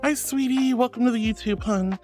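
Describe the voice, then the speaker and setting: A man's voice: extremely high pitch, brisk, a little mellow, faint music behind. A man streaming casually, reading viewer messages aloud and calling them sweetheart and honey in a gushing, playful way.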